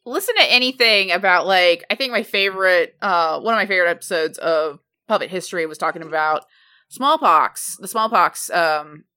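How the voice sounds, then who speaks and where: Bright-voiced woman, chatty with lots of "like". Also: fairly low pitch. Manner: chatty, leans heavily on "like", quick asides. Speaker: podcast co-host. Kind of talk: casual chat.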